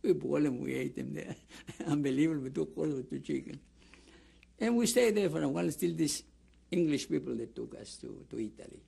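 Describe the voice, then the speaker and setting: With a Greek accent and a brisk, creaky, husky voice that is dark in tone yet on the high side, an older camp survivor tells his story in an oral history interview. His intonation is lively, and he rambles, restarts and acts out those he quotes.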